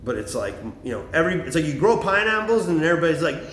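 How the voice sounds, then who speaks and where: A middle-aged man rambling in a profane, excitable vlog monologue, jumping from topic to topic. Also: a little high, fast talker, few pauses, reverberant. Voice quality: extroverted and excitable. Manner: animated, swearing, jumps between topics. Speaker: vlogger.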